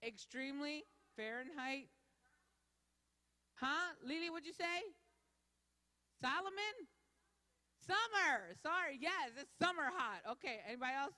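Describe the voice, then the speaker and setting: A woman leads an interactive sermon, playfully repeating the crowd's answers back to them. Her voice is fairly high and swings widely. She talks at an unhurried pace, in a hall with a long reverb. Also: animated, bright, forceful tone. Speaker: speaker leading a church audience. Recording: echoey hall.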